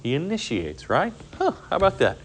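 A man leads a casual Bible study in an animated, conversational way. His voice sits a little high and swings widely in pitch. He keeps checking in with his listeners as he talks. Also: brisk, slight background noise. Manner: animated, acts out characters in quotes, frequent "right?" and "okay?".

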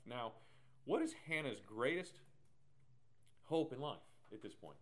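A man's voice: medium pitch, sing-song, unhurried, long pauses. A man preaching a casual, joking sermon, explaining scripture with laughs and asides. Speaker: pastor.

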